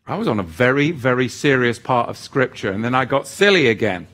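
A middle-aged man preaching a sermon, animated, moving between intense emphasis and joking asides. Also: mid-range voice, fairly quick.

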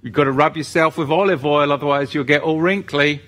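A man hosting a religious livestream, reading viewer comments and chatting about scripture in an animated, fired-up way. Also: a little fast. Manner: animated, gets fired up and swings his pitch. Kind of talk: casual livestream chat with scripture talk.

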